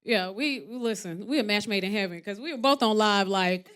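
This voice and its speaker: Speaking a little fast in a clear, resonant voice, a thirtysomething actress recounts candid stories as a talk-show guest. She performs the voices she quotes with sharp jumps in pitch and loudness, then quiets to soft and low for the serious parts.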